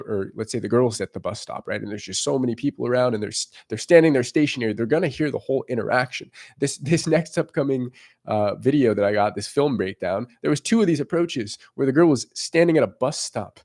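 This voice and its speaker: A young man coaches in a relaxed, off-the-cuff monologue. He speaks bluntly and swears casually, repeating himself as he works through his points. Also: medium pitch, fairly quick. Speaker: dating coach.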